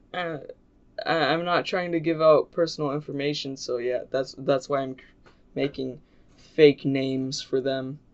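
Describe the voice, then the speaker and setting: A man's voice: mid-range voice, little pitch movement, slow, long pauses. A man telling a childhood story in a casual, rambling vlog, with lots of fillers and restarts. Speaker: YouTuber. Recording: dull lo-fi recording.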